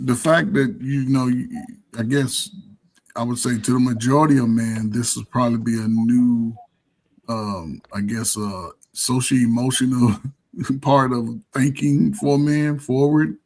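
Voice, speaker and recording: Male panel host, mid-pitched, casual and meandering, often repeats words before going on. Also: steady tone, a little slow, a little mellow, rough recording. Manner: conversational, rambling with frequent restarts. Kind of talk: casual chat.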